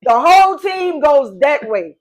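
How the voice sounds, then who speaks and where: Animated middle-aged woman telling family stories. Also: high-pitched, a little slow. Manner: animated, acts out quotes. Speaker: podcast host and mother. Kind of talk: casual storytelling chat.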